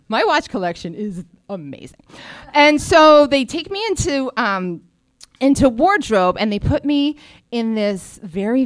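A woman telling a personal story in a wry, self-deprecating and animated way. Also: fairly high pitch, dry recording. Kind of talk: live storytelling monologue.

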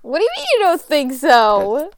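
Lively giggly young woman with a New York accent. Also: high-pitched, normal speed. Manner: teasing, giggly, animated. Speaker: podcast co-host. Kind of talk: casual debate chat.

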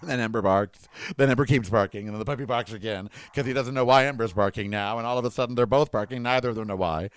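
A man's voice: medium pitch, fast, smooth, dry recording. A man vlogging at home, giving indignant, rambling political commentary with emphatic outbursts.

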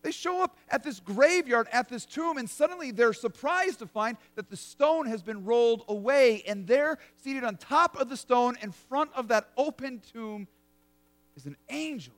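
High-voiced pastor preaching. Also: male voice, expressive, normal speed, a bit bright. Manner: vivid storytelling, conversational. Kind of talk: sermon.

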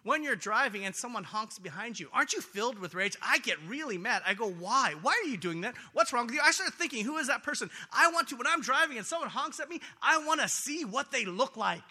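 Male pastor, high and very bright voice, lively sermon delivery that swings loud and soft. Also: fairly quick, few pauses. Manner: animated, swings from loud excitement to quiet earnestness. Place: church sanctuary.

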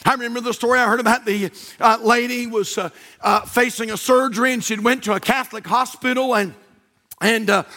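A man's voice: very high voice, fairly even intonation, sharp tone. A man preaching a sermon, fervent and emphatic, drawing out key words and quoting scripture. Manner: fervent, drawn-out emphatic delivery with Bible quotations.

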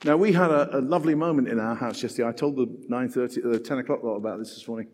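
A man's voice: medium pitch, racing. Older man preaching in echoing hall. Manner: animated, conversational, self-deprecating asides. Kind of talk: sermon.

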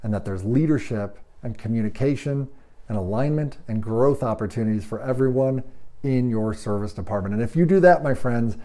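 Man, service coach, dark mellow voice, emphatic, rhetorical questions. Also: medium pitch, a little fast. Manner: emphatic, rhetorical questions, acts out quoted dialogue. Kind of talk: training talk to shop managers.

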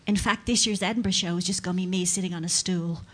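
A woman's voice: on the low side, steady tone, fast talker, a bit bright. A woman performing a stand-up comedy set, sardonic and mock-outraged, building into rants.

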